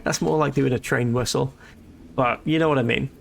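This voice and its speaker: A man's voice: mid-range voice, steady tone, fairly quick, gravelly, a little hiss or hum. A man chatting casually and joking while live-streaming a video game, laughing often.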